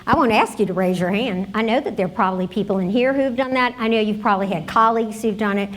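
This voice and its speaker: A woman's voice: medium pitch, fast talker. A woman giving a conference workshop talk, conversational and telling stories straight to the audience. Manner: storytelling, conversational, addresses audience directly. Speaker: conference presenter.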